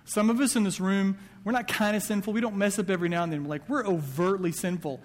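Male pastor, conversational sermon, higher voice, long hall reverb. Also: fairly even intonation, fast talker. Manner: conversational preaching with quoted asides. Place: church sanctuary.

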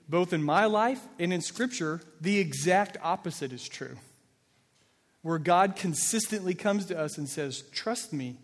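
Rich: A male pastor preaching a Sunday sermon, earnest and direct, now and then tripping over a word and starting it again. His voice sits a little high and carries a long reverb through the church hall. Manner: earnest, direct, repeats words when searching for them. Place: church sanctuary.

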